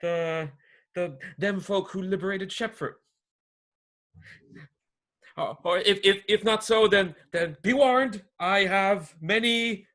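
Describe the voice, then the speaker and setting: A man's voice: mid-range voice, natural voice. A man voicing a nervous young male forest creature with antlers, who stammers and frets. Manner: stammering, jittery, fretful.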